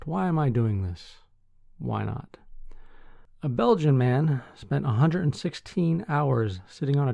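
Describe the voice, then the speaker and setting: A sleepy man hosts a podcast, reading news articles aloud and stopping for deadpan asides. His voice is gravelly and mellow. The recording is dull and dry, made close to the mic. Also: medium pitch, no room sound. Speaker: podcast host.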